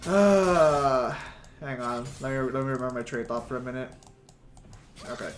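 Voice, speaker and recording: A man's voice: medium pitch, normal speed, a little hiss or hum. A young man streaming games from home, chatting casually to his viewers, rambling with lots of fillers and swearing constantly. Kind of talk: casual gaming stream chat.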